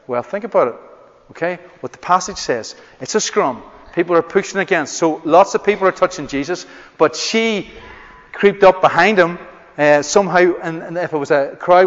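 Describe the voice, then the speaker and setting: Man, preacher, sermon, emphatic slowed stresses, slightly high voice, muffled sound, long hall echo. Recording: dull, echoey hall recording.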